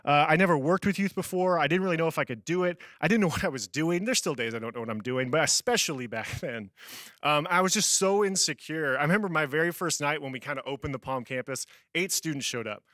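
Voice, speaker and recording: A man's voice: fairly high pitch, quick pace, a bit bright, no room sound, clean studio sound. A young man giving a casual youth sermon as a youth pastor, telling stories on himself with a self-deprecating, laughing manner.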